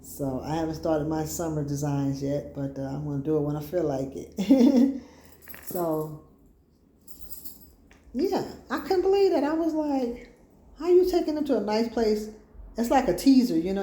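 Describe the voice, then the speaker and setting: A woman's voice: fairly low pitch, dark tone. A woman hosting a casual livestream talk show from home, chatting to viewers in a meandering way. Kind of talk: casual rambling chat to viewers. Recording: echoey room.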